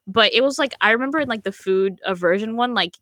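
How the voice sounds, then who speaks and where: Bright-voiced young woman in chatty talk. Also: a little high, quick pace, no echo, clean studio sound. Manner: laughs often, many "like" fillers and restarts. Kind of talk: casual chat.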